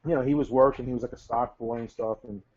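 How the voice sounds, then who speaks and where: A man's voice: medium pitch, fairly even intonation, fast talker, a little mellow. A man co-hosting a casual live talk show, telling long anecdotes full of restarts and repeated words. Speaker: co-host. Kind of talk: casual live-stream chat. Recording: slightly dull lo-fi audio.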